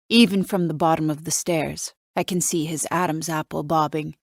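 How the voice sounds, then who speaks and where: Audiobook narrator: woman, low voice, wry and measured first-person read, dry close sound. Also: fairly even intonation, creaky, dry recording.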